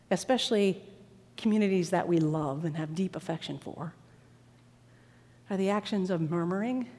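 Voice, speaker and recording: A woman preacher giving a sermon in a large worship hall, with an animated and dramatic delivery. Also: medium pitch. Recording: long reverb of a large hall.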